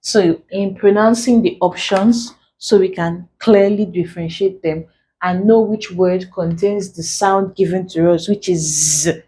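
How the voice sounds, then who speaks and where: Slow, deliberate woman teaching pronunciation. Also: mid-range voice, steady tone, warm tone, poor audio. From Nigeria. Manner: slow, deliberate, repeats example words. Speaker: English tutor. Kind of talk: exam-prep pronunciation lesson.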